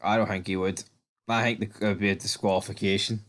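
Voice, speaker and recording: A man's voice: fairly low pitch, little pitch movement, brisk, a bit bright. A man co-hosting a podcast, chatting casually in an easygoing, blunt way and swearing now and then. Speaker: podcast co-host. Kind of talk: casual TV recap chat.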